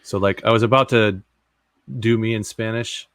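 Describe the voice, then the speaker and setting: A man chatting on a tech podcast, joking and thinking out loud. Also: fairly low pitch, fairly even intonation, normal speed, dry recording, studio quality. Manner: joking, rambling, thinks aloud. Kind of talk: casual tech podcast chat.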